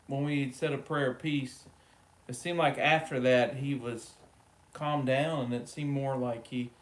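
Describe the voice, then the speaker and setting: A man co-hosts a relaxed live stream, talking straight to his viewers by name. His chat is easygoing and full of jokes, at a middle pitch. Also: measured pace. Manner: chatty, joking, talks to viewers by name.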